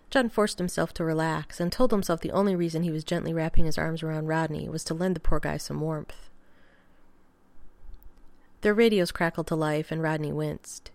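A woman narrates a story in a low voice, gentle and even in delivery. The recording is dry and close, with no room sound. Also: gravelly, no echo. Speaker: reader. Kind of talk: fan fiction audiobook narration.

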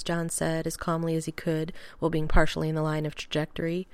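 Woman reading fanfic aloud, low voice, soft and even, dry close mic. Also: fairly quick, hardly any pauses, no echo. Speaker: reader. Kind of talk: fan fiction audiobook narration.

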